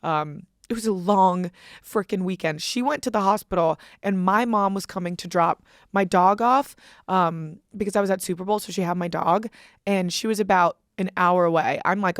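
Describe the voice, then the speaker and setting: A woman's voice: on the low side, normal speed, dry recording, clean studio sound. Chatty young woman telling a wild story. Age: young adult. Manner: chatty, profane, laughing storyteller. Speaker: podcast host. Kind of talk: casual storytelling chat.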